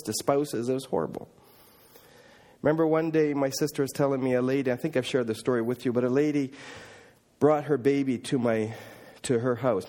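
A middle-aged man preaching a sermon as a missionary, telling stories earnestly and emphatically, often dropping quiet and then rising again. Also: on the high side. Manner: earnest, emphatic, with restarts and swings from loud to quiet. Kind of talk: sermon storytelling.

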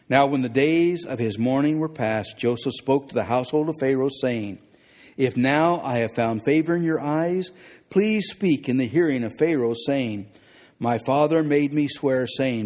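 A man's voice: medium pitch, measured pace, a little mellow. A man preaching a sermon in an easy, conversational way, walking through a scripture passage and repeating key phrases for emphasis. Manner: plain conversational preaching with restarts and emphatic repetition. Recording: long hall reverb.

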